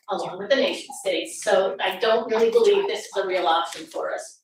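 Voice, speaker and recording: A woman's voice: medium pitch, a little fast, hardly any pauses. A woman giving a presentation to an audience, sarcastic and full of rhetorical questions. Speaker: speaker at a political summit. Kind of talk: presentation talk. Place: meeting room with audience. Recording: very echoey room from far off, faint noise.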